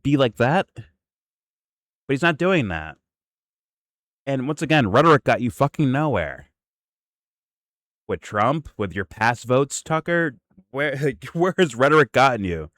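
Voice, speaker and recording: A man's voice: lowish voice, a bit bright, no echo. A male host giving casual reaction commentary, incredulous and profane, rambling and restarting his sentences.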